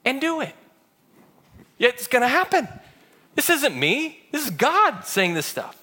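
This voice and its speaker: Bright-voiced pastor preaching with animation. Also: male voice, sits high, normal speed, long pauses. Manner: animated storytelling, acts out voices of others. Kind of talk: sermon.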